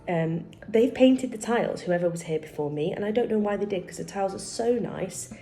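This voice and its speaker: Woman doing a chatty home-tour vlog, warm soft tone, music faintly behind. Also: medium pitch, a little fast, few pauses. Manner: chatty, upbeat, addresses viewers directly. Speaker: lifestyle vlogger. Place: indoors in her apartment.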